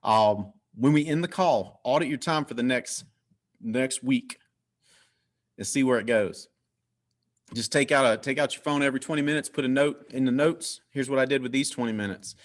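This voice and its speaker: A man's voice: medium pitch, moderate pace. Hyped man hosting a team call. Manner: energetic, repetitive, hyped. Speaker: host.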